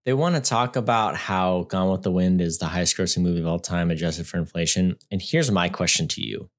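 A man with a lowish voice co-hosts a casual movie review podcast. He talks in a wry, dry way, teasing his co-host as he lays out his take. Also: brisk.

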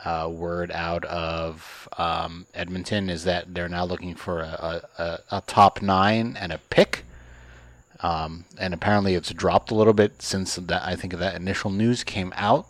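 Deep-voiced man rambling about sports. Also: fairly even intonation, a little slow, no room sound. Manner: rambling, lots of ums and uhs. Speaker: podcast co-host. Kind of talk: casual sports chat.

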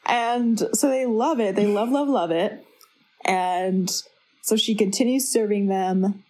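A woman's voice: mid-range voice, slow pace, a little mellow, rough recording. A woman co-hosting a podcast, recapping casually, swearing offhandedly and finishing her co-host's sentences. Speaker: podcast co-host. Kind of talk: casual chat.

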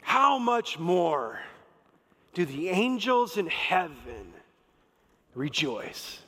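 A man's voice: high-pitched, very animated, very slow, fairly bright tone, breathy edge. A man preaching a sermon in a conversational, emphatic way, acting out quotes. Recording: long reverb of a large hall.

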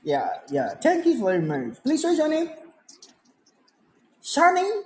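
A man's voice: high voice, wildly swooping pitch, moderate pace, dark tone. A man speaking as a pastor in a prophetic session, polite and repeating short phrases.

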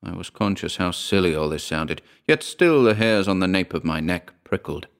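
A man narrating a horror short story in a measured, hushed storytelling manner. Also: low-pitched, expressive, vocal fry.

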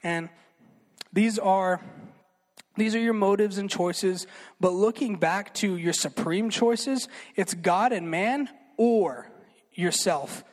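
A young man giving a casual sermon, chatty and animated, full of fillers and asides. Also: sits high, slow pace. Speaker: youth speaker. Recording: long hall reverb.

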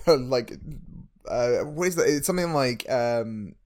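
A man's voice: mid-range voice, expressive, takes it slowly, darkish tone. A man co-hosting a casual film chat, retelling plot and cutting in with wry, teasing remarks. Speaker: podcast co-host.

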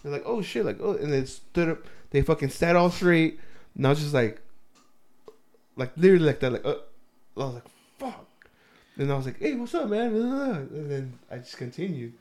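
Man co-hosting a casual talk, loose animated storyteller, salty language. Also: mid-range voice, a little fast. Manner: rambling, swears a lot, animated storytelling. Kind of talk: casual chat.

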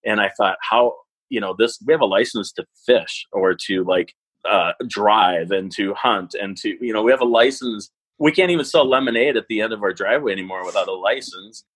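Husky-voiced man telling parenting stories. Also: on the low side, brisk, poor audio. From Wisconsin, US. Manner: animated, self-deprecating, acts out quoted thoughts. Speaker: parenting educator and guest. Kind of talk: conversational interview storytelling.

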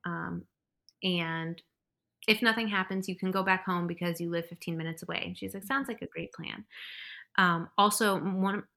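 A woman's voice: on the low side, steady tone, moderate pace, bright, forceful tone. A young woman chattily telling the story of her labor, laughing often and acting out what others said. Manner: chatty, laughs often, acts out quoted voices. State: pregnant. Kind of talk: casual storytelling.

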